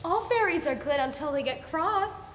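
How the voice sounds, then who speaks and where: A young woman playing a kind, scatterbrained mirror fairy in a school stage play, gentle and coaxing. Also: sits high, expressive, moderate pace, noisy background. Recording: echoey hall, far off.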